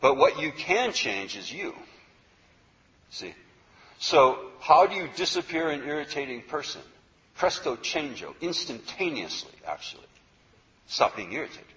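A man's voice: fairly high pitch, sing-song, measured pace, pauses often, fairly bright tone, lo-fi sound. A man teaching a yoga philosophy class, conversational and repetitive, often checking in with "okay?". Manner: conversational, repeats words, asks "okay?" often. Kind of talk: spoken lecture to a class.

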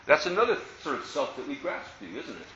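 A man's voice: fairly high pitch, wildly swooping pitch, quick pace, pushed and bright. A man teaching as a Buddhist teacher, giving a playful dharma talk to an audience and asking many rhetorical questions. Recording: roomy, slightly dull recording.

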